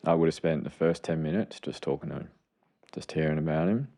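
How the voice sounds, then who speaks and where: Deep gravelly man. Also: a little fast, mellow. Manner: earnest, explanatory, enthusiastic. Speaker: podcast co-host, clinician. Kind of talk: casual chat.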